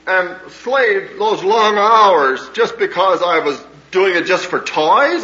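A man's voice: medium pitch, bright, forceful tone. A man voicing a distraught mother who pleads with her grown daughter in a raised, insistent voice. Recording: dull lo-fi old recording with faint hiss.

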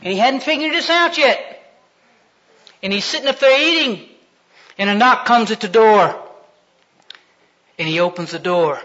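A man's voice: high-pitched, lively intonation, moderate pace, long pauses, pushed and bright. A man preaching a sermon in a folksy, joking way, acting out voices as he retells stories. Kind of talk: sermon with storytelling. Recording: dull lo-fi sound.

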